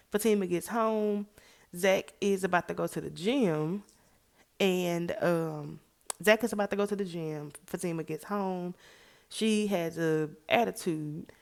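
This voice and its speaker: A woman's voice: on the low side, creaky. A woman giving a casual, opinionated TV episode recap, chatty and emphatic. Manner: chatty, retells scenes by acting out the characters' lines. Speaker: TV recap vlogger.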